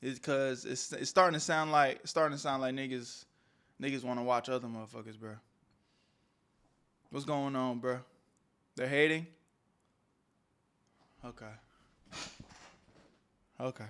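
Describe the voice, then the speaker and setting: A young man hosting a casual livestream, bantering loosely with his chat and swinging between loud calls and mumbled asides. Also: mid-range voice, fairly even intonation, a little slow, long pauses, clean tone. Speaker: streamer.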